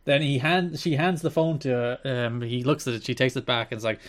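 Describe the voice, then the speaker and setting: A man in relaxed podcast chat, telling the story of a TV segment step by step. His voice sits at an ordinary middle pitch. He laughs often as he goes. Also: a little fast. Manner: recaps events at length, laughing often. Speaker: podcast co-host. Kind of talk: casual chat.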